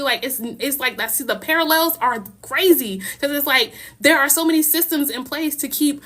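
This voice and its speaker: Bright-voiced young woman ranting passionately. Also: high voice, a little fast, hardly any pauses. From United States. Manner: rambling and passionate, with frequent laughs and restarts. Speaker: livestream host. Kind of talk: casual livestream monologue.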